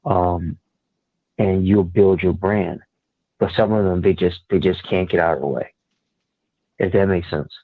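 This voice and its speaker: Man, very deep voice, guest co-host, measured, halting with fillers, tinny phone line. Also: steady tone, no room sound. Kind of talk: call-in sports talk. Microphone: phone call.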